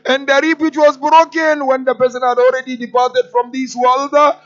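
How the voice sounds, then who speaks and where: A man's voice: extremely high pitch, flat delivery, moderate pace, fairly bright tone. A man preaching an impassioned, mournful sermon in a mosque, often prompting his listeners with a questioning "huh?". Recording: dull lo-fi with faint music.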